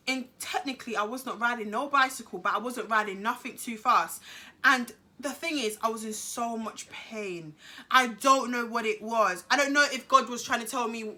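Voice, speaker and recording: Young woman, storytime vlogger, high and very bright, emphatic and slangy. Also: normal speed. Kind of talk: storytime vlog.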